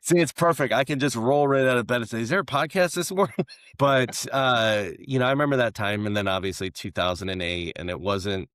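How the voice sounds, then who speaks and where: A man hosting a casual interview, talking in a rambling, animated way and laughing often. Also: mid-range voice, a little fast, no room sound, clean studio sound. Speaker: podcast host.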